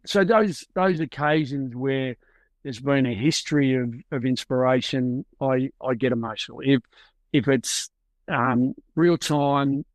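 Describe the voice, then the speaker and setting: A man's voice: mid-range voice, no room sound. Reflective Australian man, dry sound. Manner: reflective and open, searching for words. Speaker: football coach, guest. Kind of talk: candid interview answers.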